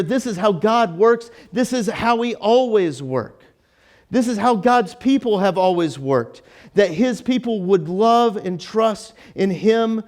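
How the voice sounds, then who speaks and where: High-voiced, chatty male preacher. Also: darkish tone. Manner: chatty, joking asides, frequent restarts and fillers. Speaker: pastor. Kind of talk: casual sermon. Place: church.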